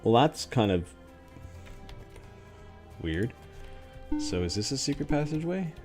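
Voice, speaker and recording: A man giving playful live commentary while playing a retro role-playing game, muttering asides to himself and sometimes dropping to a hush. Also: mid-range voice, big pitch swings, unhurried, music in the background. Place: home streaming setup.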